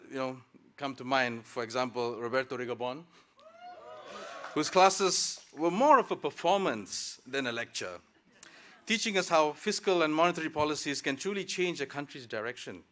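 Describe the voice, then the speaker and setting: A man's voice: mid-range voice, bright, forceful tone. A man, a working professional in his thirties, gives a prepared graduation speech at a podium microphone, formal and dotted with light jokes. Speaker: student speaker at graduation. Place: graduation ceremony.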